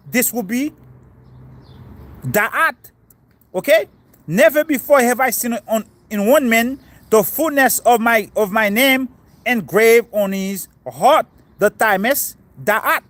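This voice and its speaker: A man's voice: very high-pitched, fairly bright tone. A man giving a casual outdoor scripture lesson while sitting on the grass. He talks informally, quizzes his listeners and explains each term. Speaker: spiritual teacher.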